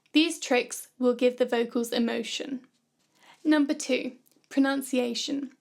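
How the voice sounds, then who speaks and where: High-pitched woman with a gravelly edge. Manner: calm, clear, instructive. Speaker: music production tutor. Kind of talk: scripted tutorial narration.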